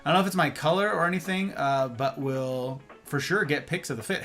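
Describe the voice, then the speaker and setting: A man's voice: a little high, a little fast, hardly any pauses. A man hosting a livestream, chatting casually and playfully with his viewers. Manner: animated, playful, reacts to chat. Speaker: livestream host. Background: faint music.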